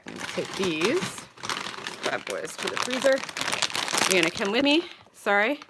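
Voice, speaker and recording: A chatty woman in her thirties from Canada, talking on a casual home vlog in a fairly low voice. She rambles, apologizes often and pokes fun at herself. Faint background noise sits under her voice. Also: a bit bright. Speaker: vlogger. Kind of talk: casual live vlog chat. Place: home, moving between rooms.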